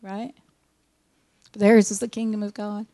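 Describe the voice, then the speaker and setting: A woman's voice: mid-range voice, level tone, unhurried, warm tone, dry recording, clean studio sound. A woman teaching a sermon, reading scripture with emphasis and mixing in earnest, folksy asides. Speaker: Bible teacher.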